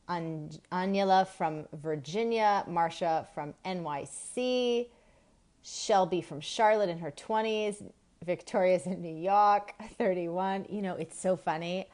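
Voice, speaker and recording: A woman from Massachusetts in her forties, hosting a live stream on women's health, chatting and laughing as she greets viewers by name. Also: mid-range voice.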